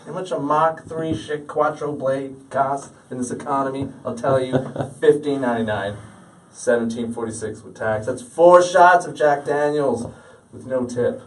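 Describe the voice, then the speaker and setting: A man's voice: mid-range voice, moderate pace. A man in his late thirties doing a stand-up comedy set, self-deprecating and punchy. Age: 30s. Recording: stage audio from a distant mic.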